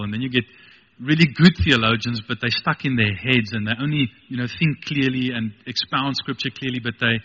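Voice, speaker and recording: Passionate preacher, bright voice, reverberant radio sound. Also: male voice, medium pitch, muffled recording. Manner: passionate, rising to emphatic peaks. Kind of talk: sermon.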